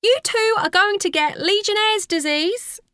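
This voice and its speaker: A woman's voice: very high voice, a little slow, fairly bright tone, dry recording, voice pushed up. A woman voicing a dry, wry mother of a grown daughter.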